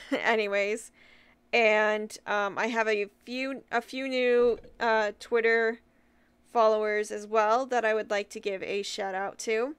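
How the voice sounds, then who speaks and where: A young woman vlogging casually, giggling and stumbling over names as she reads out shout-outs, often apologizing. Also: fairly high pitch, fairly even intonation, takes it slowly, smooth, no room sound. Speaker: YouTuber.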